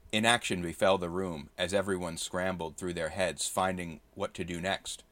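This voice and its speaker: A man narrating a tabletop game session as a story in steady, understated prose. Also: sits low, moderate pace, few pauses, dry recording.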